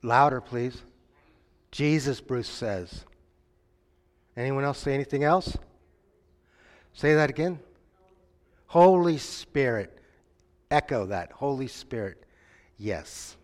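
A man's voice: mid-range voice, slow pace, long pauses. A man preaching an interactive sermon. He questions his listeners, asks them to call out answers, and tells stories with acted-out voices. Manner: questions the audience and invites answers. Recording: long hall reverb.

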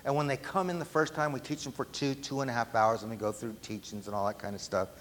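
A man's voice: mid-range voice, steady tone, fast talker, a bit bright. Guy preaching, keeps asking the room stuff, echoey hall, bit of hiss. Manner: emphatic, asks the room questions. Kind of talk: sermon. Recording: long hall reverb, faint background noise.

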